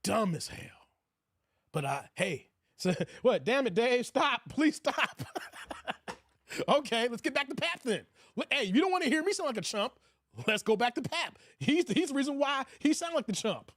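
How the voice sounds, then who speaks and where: A man's voice: very high-pitched, big pitch swings, normal speed, dry recording, studio quality. Brash male commentary host. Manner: loud, mocking, talks to viewers, reads chat. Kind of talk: reaction commentary.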